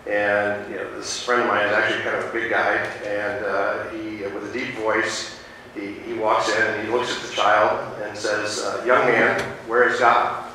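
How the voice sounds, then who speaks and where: A man's voice: lowish voice, completely flat delivery, normal speed, pushed and bright, slight background noise. A male pastor preaching a sermon and telling stories in a rambling way, with many fillers and restarts. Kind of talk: sermon with storytelling. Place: church sanctuary. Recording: distant mic in an echoey church.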